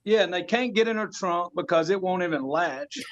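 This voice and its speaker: A man with a drawl tells a story as a podcast guest. His voice sits a bit high, and he drops into slang and chuckles often. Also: a little fast, gravelly, dull audio. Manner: animated, laughing storyteller with Southern US slang. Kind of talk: casual storytelling.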